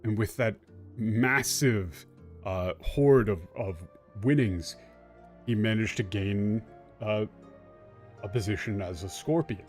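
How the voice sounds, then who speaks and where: A man streaming a game, casually explaining the translation in an animated, blunt and sarcastic way. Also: fairly low pitch, takes it slowly, soft background music. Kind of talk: casual gameplay commentary.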